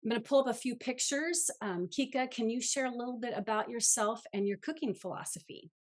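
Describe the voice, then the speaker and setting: A woman's voice: on the high side, brisk. A woman co-hosting an online cooking class, reading prepared remarks and going through the plan in an organized way. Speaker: co-host. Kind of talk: scripted class introduction.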